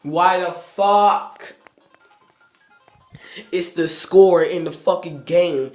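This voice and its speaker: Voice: medium pitch, drawn-out words, a little mellow, reverberant, soft background music. A game reviewer ranting in exasperated, profane commentary while playing, with sudden outbursts.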